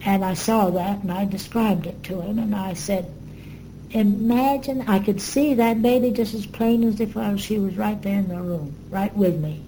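An older woman being interviewed, recounting her memories in an earnest, reflective way with pauses and fillers. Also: mid-range voice, steady tone, warm tone, a little hiss or hum, rough recording.

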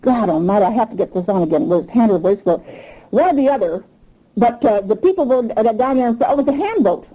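A woman's voice: a little high, lively intonation, quick pace, dark tone, breathy edge, low-quality recording. Emphatic older woman recounting events. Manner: emphatic, repetitive, revved-up storytelling. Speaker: union member interviewee. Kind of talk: oral history interview.

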